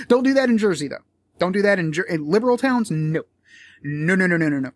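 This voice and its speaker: A man's voice: high voice, very animated, moderate pace. A man in a casual commentary vlog, talking in a rambling, profane, joking way. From United States.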